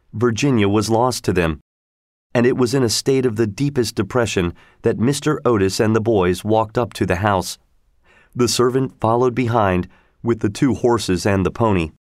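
A man narrating a storybook in a steady, measured reading. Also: lowish voice, no room sound, studio quality.

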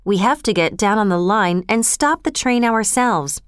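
A woman's voice: mid-range voice, animated, moderate pace, smooth, no room sound, studio quality, close to an everyday voice. A woman voicing a brave young boy who gives urgent commands. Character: brave bossy young boy, quick to lead.

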